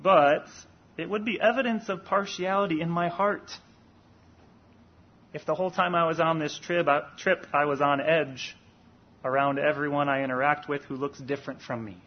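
Husky-voiced man preaching a sermon. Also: a little high, fairly even intonation, normal speed, highs cut off.

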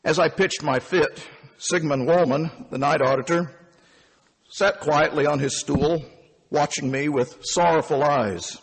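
A man in his fifties telling a first-person story, animated and emphatic. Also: fairly high pitch, unhurried, husky, in a large hall. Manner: animated and emphatic, with punchy phrasing.

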